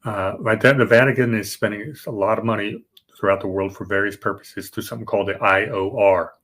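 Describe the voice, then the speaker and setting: A man's voice: on the low side, fairly even intonation, fairly quick, fairly bright tone. A man co-hosting a podcast, explaining banking history casually, with fillers and restarts. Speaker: podcast co-host.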